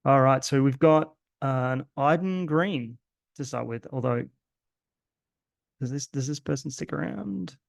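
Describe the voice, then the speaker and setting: A man's voice: mid-range voice, a little slow, creaky, dry recording, studio quality. A man with an Australian accent talks through his own card game in a rambling, self-deprecating way, full of fillers and restarts. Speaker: host. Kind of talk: casual gameplay commentary.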